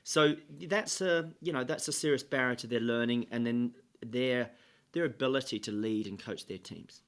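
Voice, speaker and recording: Guy on a podcast interview, explains slowly with lots of "you know", middle-aged. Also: medium pitch, fairly bright tone, smooth. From England. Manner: measured, explanatory, with many fillers. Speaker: podcast guest, sales trainer. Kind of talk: interview conversation.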